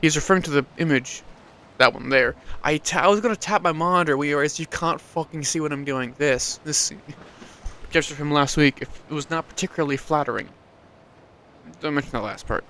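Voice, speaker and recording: A man's voice: on the high side, fairly quick, pushed and bright, slight background noise. A man playing through a story game, reading the text aloud and adding self-mocking commentary with casual swearing. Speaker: let's play gamer.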